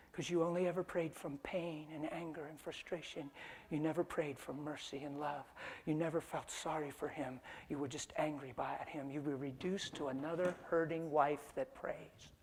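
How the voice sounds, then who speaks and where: A man voicing God in a sermon, speaking softly and tenderly. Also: fairly high pitch, steady tone, moderate pace, natural voice. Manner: soft, hushed, tender. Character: God, gentle, calm male divine voice.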